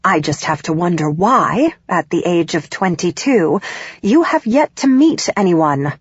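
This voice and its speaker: A woman's voice: lowish voice, animated, a little slow, slightly rough, no echo, highs cut off. A woman voicing a critical, controlling middle-aged mother in an audiobook, with a cold, reproachful manner. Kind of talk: audiobook character voice.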